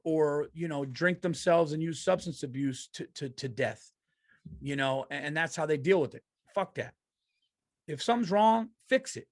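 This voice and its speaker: A man's voice: on the high side, no room sound, studio quality. A middle-aged man hosting a podcast, giving a blunt, profane, earnest pep talk in casual monologue. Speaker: podcast host.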